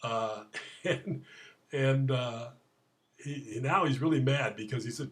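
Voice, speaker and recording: A man addressing his audience in a casual spoken message, pausing often with "uh" and telling jokes, with loud, high acted-out cries for the people in his stories. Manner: halting, many "uh" fillers, acts out quoted voices loudly. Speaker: program creator telling stories.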